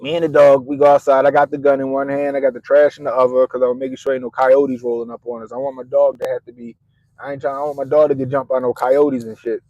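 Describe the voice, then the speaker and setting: A middle-aged man on a podcast, telling a story in an animated, profane way and laughing at himself. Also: medium pitch, quick pace, no echo, lo-fi sound. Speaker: podcast host. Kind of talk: casual storytelling.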